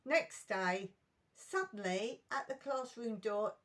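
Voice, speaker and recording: A middle-aged woman recounting school memories in an emotional, animated storytime vlog. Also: a little high, slow pace.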